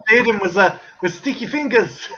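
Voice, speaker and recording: A man's voice: high voice, lively intonation, normal speed, fairly bright tone, highs cut off. An Irish man hosting a casual stream chat, joking and swearing often as he rambles. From Ireland. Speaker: stream host.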